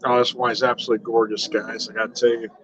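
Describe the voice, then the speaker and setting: A man's voice: medium pitch, flat delivery, quick pace, a bit bright, slight background noise. Rambling older man, dull webcam sound. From Southern California. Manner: rambling, laughs often, swears casually. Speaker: wine vlogger. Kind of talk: casual livestream chat. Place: home room.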